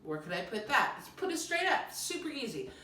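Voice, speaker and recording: A woman's voice: a little high, sing-song, a little fast, sharp tone, far from the mic. An upbeat woman drama teacher leads an online lesson from her apartment. She gives encouraging, step-by-step instructions. Her voice carries a roomy echo and sits back from the microphone. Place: home apartment. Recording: roomy echo, mic set back from the speaker.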